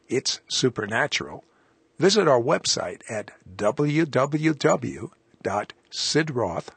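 An older man hosting a radio interview and reading out offers and contact details briskly. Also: a bit bright, breathy edge, no echo. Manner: brisk, pitch-reading announcer. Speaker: host.

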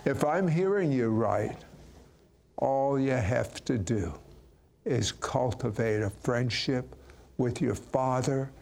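A man's voice: mid-range voice, slow pace, vocal fry, a little mellow, slight background noise. An older man hosting an interview, asking questions with joking asides. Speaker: show host.

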